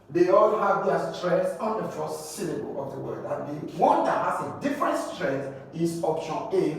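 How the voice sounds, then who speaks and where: A man with a Nigerian English accent teaches at a board in a high voice, sounding out words again and again. The sound is boomy and echoing. He is caught from a distance, with faint room noise underneath. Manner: repeats and drills words aloud. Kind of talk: classroom lesson at a board. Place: classroom. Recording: echoey room, distant mic.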